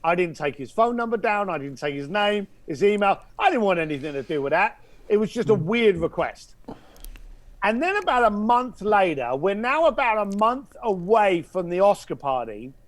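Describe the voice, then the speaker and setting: A man's voice: high voice, normal speed, no echo. A man, a podcast guest, telling an anecdote and acting out the voices in it. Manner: animated storyteller, acts out voices, drops to a hush for effect. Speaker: podcast guest, concierge founder. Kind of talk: storytelling anecdote.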